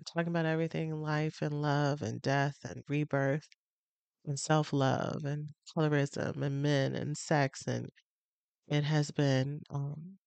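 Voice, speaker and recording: A woman's voice: deep voice, creaky, a little mellow, clean tone, no room sound. Heartfelt woman podcast host, dry sound. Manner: emotional, pausing, heartfelt. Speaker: podcast host and love addiction coach. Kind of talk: casual personal podcast talk. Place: on location on a trip.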